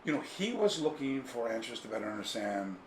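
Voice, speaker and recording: Speaking fairly quickly in a mid-range voice, this karate author is an interview guest telling a long story in a loose, animated, digressive way, complete with mimicry of the people he describes. There's background noise, and the room at his home is echoey with faint ambience.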